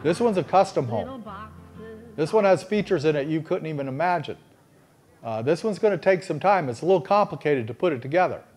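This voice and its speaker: A man voicing God as a patient, loving father, speaking calmly and reassuringly. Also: a little high, a little fast, soft background music. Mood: gentle, fatherly.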